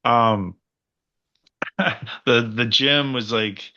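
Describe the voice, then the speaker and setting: A man on a podcast as a guest wrestler, telling rambling, profane stories in a casual, animated way. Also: mid-range voice, extremely slow, clear, resonant tone, lo-fi sound. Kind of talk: casual storytelling chat.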